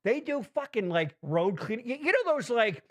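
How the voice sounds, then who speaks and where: A man hosting a podcast, rambling in casual profane chat with big swings in pitch. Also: moderate pace. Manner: rambling, swears constantly, animated swings in pitch. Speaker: podcast host.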